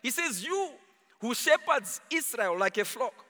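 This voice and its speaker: Animated high-voiced male preacher in a hall. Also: measured pace. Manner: animated, rises and falls, half-sung emphasis. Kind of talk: sermon. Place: church hall. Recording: long reverb of a large hall.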